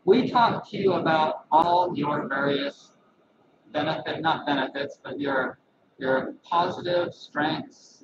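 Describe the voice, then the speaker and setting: A man hosting a casual live-stream monologue as a holistic health practitioner, chatty and animated, laughing at his own jokes. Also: on the high side, dull audio, very noisy.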